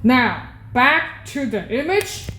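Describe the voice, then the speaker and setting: Woman keyboard teacher, very slow and halting, pitched a bit high, keeps correcting herself. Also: very animated, fairly bright tone, a little hiss or hum. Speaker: keyboard instructor. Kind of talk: casual keyboard demonstration.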